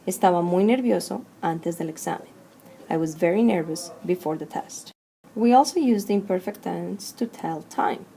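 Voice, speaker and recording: A woman teaching a recorded Spanish grammar lesson, slowly and clearly drilling verb conjugations one form at a time. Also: lowish voice, warm tone, a little hiss or hum.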